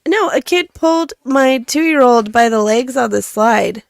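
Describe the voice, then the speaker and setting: A woman's voice: on the high side, lively intonation, a little slow, vocal fry, clean tone, dry recording. A woman in her thirties with an American accent, co-hosting a radio show in casual chat while sick with bronchitis. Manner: chatty, laughing, teasing. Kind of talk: casual studio banter. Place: radio studio.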